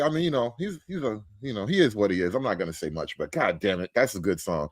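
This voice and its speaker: A man's voice: fairly low pitch, animated, fast talker, hardly any pauses, no room sound. A man from the United States hosting a casual reaction commentary, joking around with profanity and slang. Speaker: commentary host.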